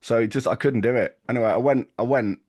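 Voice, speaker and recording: A man's voice: mid-range voice, fast talker, a little mellow, slightly rough. A man, chatting casually on a podcast in a rambling, stop-start way. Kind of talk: casual chat.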